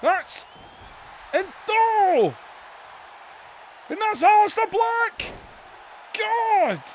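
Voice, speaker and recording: A man hosting a gaming video, giving excited wrestling-style play-by-play that bursts into shouts. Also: extremely high pitch, extremely slow, some chatter behind, a little hiss or hum. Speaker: YouTube gaming host.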